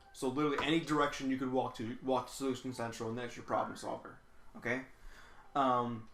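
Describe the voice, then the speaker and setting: A man's voice: mid-range voice, a bit bright, slight background noise. A man hosting a late-night podcast, telling stories casually with lots of swearing and stammering restarts. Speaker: podcast host. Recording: echoey room.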